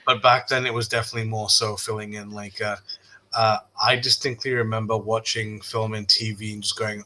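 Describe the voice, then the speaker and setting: A man in casual conversation, telling relaxed anecdotes with lots of fillers and restarts. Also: fairly low pitch, a little fast, low-quality recording. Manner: relaxed storyteller, fillers and repeated starts. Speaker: podcast guest. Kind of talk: casual chat.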